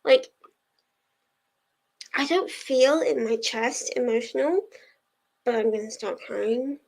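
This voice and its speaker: High-voiced, unhurried woman. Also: vocal fry, a little mellow, rough recording. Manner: chatty, laughs often, teary. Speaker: livestream host of reading sprints. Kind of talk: casual chat to a live audience.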